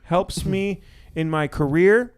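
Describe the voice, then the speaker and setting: A young man co-hosting a podcast in casual, joking chat, full of quick restarts. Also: sits high, clean tone. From Washington D.C. area. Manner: hyped, joking, talks fast with restarts. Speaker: podcast co-host.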